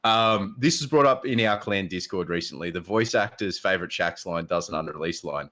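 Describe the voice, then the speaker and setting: A man with an Australian accent co-hosting a gaming podcast, animated, acting out scenes and reading chat aloud. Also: low-pitched, fairly quick, few pauses. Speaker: podcast co-host.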